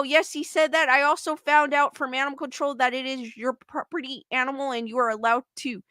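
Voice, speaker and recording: A woman hosts a casual livestream, reading viewer comments aloud and reacting with rambling, incredulous exclamations. Her voice sits high and bright, and it is recorded close and dry. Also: brisk, hardly any pauses, dry recording. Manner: exclaims in disbelief, rambling and talkative. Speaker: livestream host.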